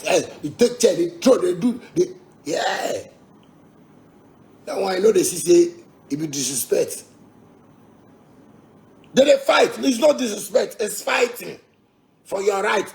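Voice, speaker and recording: A Ghanaian musician with a Ghanaian Pidgin English accent, delivering a heated, combative rant to his fans, repeating himself and swearing. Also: a little high. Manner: combative, repetitive, swearing, laughing asides.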